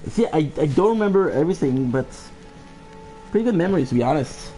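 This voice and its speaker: A man's voice: a little high, expressive, fairly quick, dark tone, faint music behind. A man streaming a game live, musing casually and laughing to himself as he plays. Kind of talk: live gameplay commentary.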